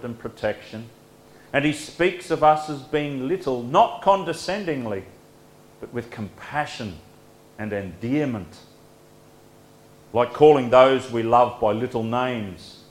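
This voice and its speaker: A man preaching a devotional sermon in a gentle, earnest way, letting his phrases fall soft at the ends. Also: medium pitch, reverberant, poor audio.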